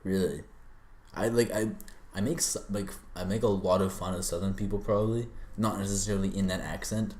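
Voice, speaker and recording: A man's voice: low-pitched, fairly even intonation, brisk, darkish tone. A young man co-hosting a casual podcast who jokes around and hesitates, with many fillers. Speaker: podcast co-host. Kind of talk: casual chat. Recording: roomy echo, faint background noise.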